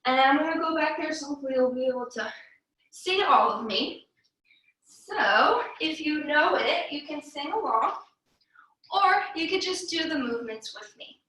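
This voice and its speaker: A woman's voice: sits high, expressive, normal speed, sharp tone. A young adult woman guiding a children's yoga class, upbeat and encouraging, with playful animal sounds and sung cues. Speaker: kids yoga teacher. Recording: echoey room, voice from a distance.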